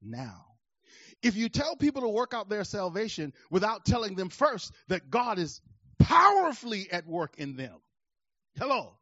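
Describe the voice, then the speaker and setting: A man preaching a sermon, swinging from quiet asides to shouted emphasis in a rhythmic cadence, laughing between points. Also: high voice, huge pitch swings, moderate pace, dry recording, highs cut off.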